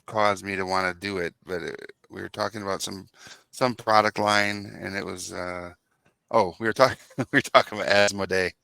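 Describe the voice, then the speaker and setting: A man's voice: sits low, fairly even intonation, normal speed, creaky, pushed and bright, clean tone, no room sound. Stream co-host, male, joking around over painting, dry close sound. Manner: playful, jokey. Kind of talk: casual chat while painting miniatures. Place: game store.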